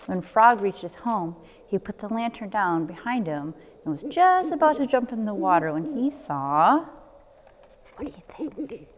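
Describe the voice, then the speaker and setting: A woman's voice: mid-range voice, big pitch swings, normal speed, hardly any pauses, big-room sound, slight background noise. A woman, a nature center coordinator, reading a children's book aloud expressively with sound effects.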